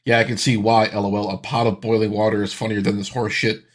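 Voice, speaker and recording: A man's voice: on the low side, flat delivery, fast talker. A man in his thirties hosting a reaction video, with sarcastic, exasperated ranting commentary.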